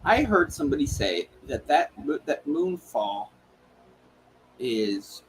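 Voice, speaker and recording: A man in a relaxed podcast chat about movies who teases his co-host and swears casually. His pitch swings widely and his voice sits a little high. Faint background noise sits under the recording. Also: slow, poor audio. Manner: animated, teasing, swears casually.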